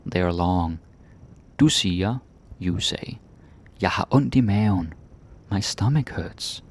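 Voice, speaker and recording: A man teaching vocabulary, repeating each word slowly and adding "eh?" after his explanations. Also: low-pitched, darkish tone, a little hiss or hum. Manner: slow, repeats each word, tags phrases with "eh?" and "ikke?". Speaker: Danish language teacher. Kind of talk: language lesson, repeating words with translations.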